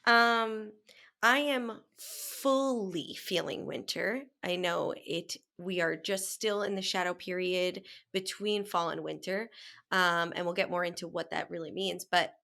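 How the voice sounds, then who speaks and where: A woman's voice: on the low side, steady tone, measured pace, gravelly, sharp tone. A woman co-hosting a casual spiritual podcast, bubbly and playful, acting out voices in her stories. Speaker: podcast co-host.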